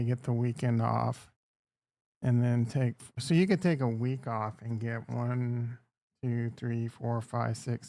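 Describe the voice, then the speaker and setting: A man's voice: mid-range voice, warm tone, dry recording. A man hosting a casual livestream, rambling and crude as he jokes with his chat. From Upper Midwest. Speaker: livestream host.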